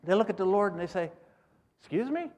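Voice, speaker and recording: A man preaching a sermon in an animated way, acting out scenes as he teaches. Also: high voice, rapid-fire. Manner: animated, acts out scenes in character voices.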